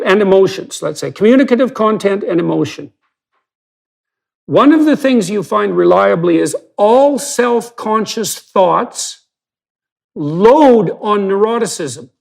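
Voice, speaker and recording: A man's voice: high voice, vocal fry, darkish tone. A man hosting a long-form podcast conversation, talking emphatically and building his argument step by step with rhetorical questions. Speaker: podcast host.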